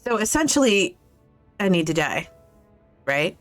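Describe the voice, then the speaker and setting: A woman's voice: fairly low pitch, big pitch swings, a little slow, faint music behind. A woman streamer giving casual, swear-heavy commentary while she plays a game, laughing often and reading the game's lines aloud. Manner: reads game dialogue aloud.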